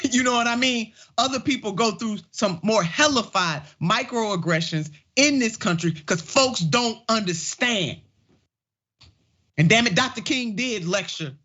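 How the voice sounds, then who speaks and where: A middle-aged woman hosting a political talk show from a studio, speaking with fired-up, animated conviction. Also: medium pitch. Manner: impassioned, animated, preacherly emphasis. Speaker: show host. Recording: dull lo-fi studio audio.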